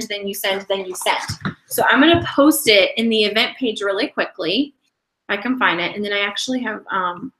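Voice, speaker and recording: A woman's voice: medium pitch, a bit bright, roomy sound, low-quality recording. A woman team leader giving a casual training talk, chatty and rambling, often breaking off and restarting her sentences. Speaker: direct sales team leader.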